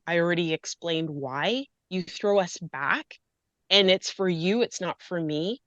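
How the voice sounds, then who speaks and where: A woman's voice: fairly low pitch, measured pace, fairly bright tone, no room sound, lo-fi sound. A woman grief coach in an interview, speaking earnestly and passionately, close to tears. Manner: earnest, impassioned, pleading. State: near tears. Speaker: grief and loss coach, guest. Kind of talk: emotional personal interview talk.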